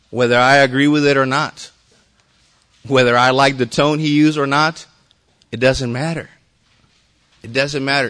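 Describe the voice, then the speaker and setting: A man's voice: mid-range voice, fairly bright tone, clean tone. Man telling his recovery story casually. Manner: casual, rambling, many fillers and restarts, light swearing, laughs often. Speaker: speaker at a recovery meeting. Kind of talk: personal recovery story told to a group.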